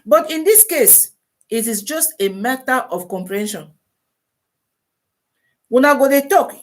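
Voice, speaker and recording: A woman with a Nigerian Pidgin English accent, hosting a casual live-stream advice talk, animated and full of rhetorical questions. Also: sits high, measured pace, long pauses.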